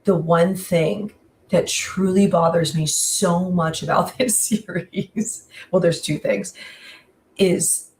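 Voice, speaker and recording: Chatty woman with a lowish voice. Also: takes it slowly, far from the mic, slight background noise. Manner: animated, frequent "like" and laughs, exaggerated emphasis. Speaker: guest podcast co-reviewer. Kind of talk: casual chat.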